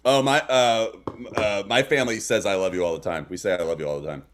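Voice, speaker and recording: A man's voice: lowish voice, fairly even intonation, fast. A man co-hosting a livestreamed talk show, chatting casually and joking, reading out chat. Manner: joking, reads chat aloud. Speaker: podcast co-host.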